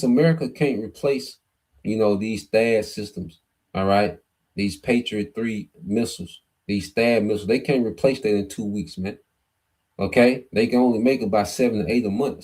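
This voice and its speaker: A man's voice: medium pitch, dark tone, slightly rough. A man hosting a livestream of Bible prophecy commentary, reading scripture aloud and tagging nearly every phrase with "okay," "man," or "all right.". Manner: reads scripture aloud, then explains word by word.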